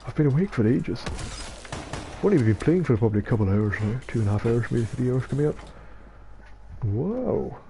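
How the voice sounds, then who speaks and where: A man's voice: medium pitch, fast, warm tone. A young Scottish man of about nineteen, chatting casually while streaming a game, rambling and self-deprecating with a dopey voice. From Scotland. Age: young adult, about 19. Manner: rambling, self-deprecating, stumbling over words. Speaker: gaming streamer. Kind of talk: casual late-night gaming chat. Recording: noisy game audio behind.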